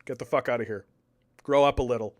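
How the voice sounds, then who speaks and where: A young man doing casual live-stream political commentary, animated, repeating words and arguing with his chat. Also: medium pitch, fast talker. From Canada.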